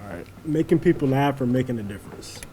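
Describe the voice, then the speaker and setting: A man's voice: mid-range voice, lively intonation, fast talker, background noise. A man interviewing a guest with brief, upbeat either-or questions. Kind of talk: quick-fire question game.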